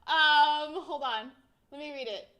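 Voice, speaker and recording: A woman streamer chatting casually on a livestream, telling a story in an animated, rambling way and swearing freely. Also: high-pitched, slow pace.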